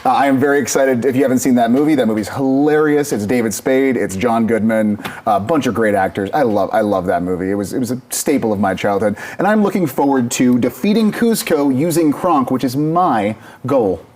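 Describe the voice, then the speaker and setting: A man's voice: mid-range voice, lively intonation, brisk, darkish tone. A man co-hosting a live game stream, chatting casually and playfully, rambling with lots of restarts. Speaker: co-host.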